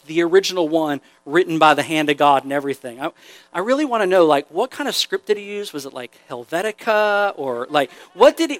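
A man's voice: high voice, no echo. A man preaching a casual, joking sermon to a youth group, reading scripture aloud between asides. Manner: conversational, joking, animated preaching.

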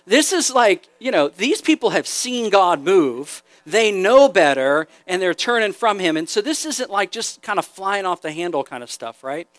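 A man's voice: sits high, normal speed, hardly any pauses, dry recording. A man preaching a casual, joking sermon to a youth group, reading scripture aloud between asides. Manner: conversational, joking, animated preaching.

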